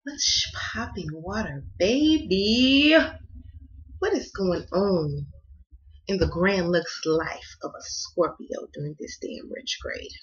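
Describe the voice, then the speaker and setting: A woman's voice: lowish voice, measured pace, muffled recording. A woman with a Southern American accent giving a casual tarot reading to camera, chatty and laughing, often checking in with "okay?" and calling listeners "baby". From Southern United States. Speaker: tarot card reader.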